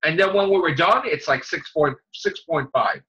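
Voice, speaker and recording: A man with a high, bright, sharp-edged voice rants his way through a casual fan podcast, full of fillers, false starts and swearing. The audio is dull and lo-fi. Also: moderate pace. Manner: ranting, swearing, frequent fillers and restarts. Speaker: podcast co-host.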